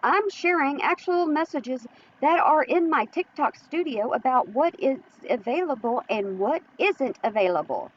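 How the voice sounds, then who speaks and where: Female vlog host, high voice, mocking and giggly; muffled lo-fi recording. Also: lively intonation, measured pace. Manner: mocking, chatty, laughs often. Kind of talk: opinion commentary vlog.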